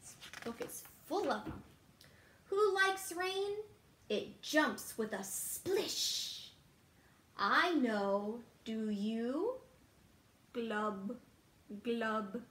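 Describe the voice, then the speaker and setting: Woman teacher for a storytime read-aloud, playful and animated, in a room with noticeable echo. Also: sits high. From Texas. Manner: playful and animated, pauses for kids to guess, hushed asides. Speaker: teacher reading to children. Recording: roomy echo.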